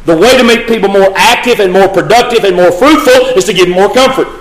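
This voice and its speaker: A man with a high-pitched voice preaches fast and emphatically, repeating key phrases as he addresses the congregation directly. The echoey recording has slight background noise.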